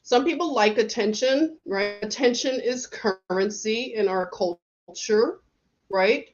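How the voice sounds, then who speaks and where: Woman, middle-aged, livestream host, casual chat, laughs a lot, unhurried, muffled lo-fi audio. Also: a little high. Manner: chatty, laughs often, storytelling. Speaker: livestream host reading viewer comments.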